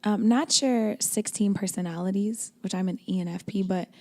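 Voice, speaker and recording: A woman's voice: medium pitch, moderate pace, a little mellow. A young woman co-hosting a podcast, chatting casually and acting out little quoted exchanges. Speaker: podcast co-host. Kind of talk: casual chat.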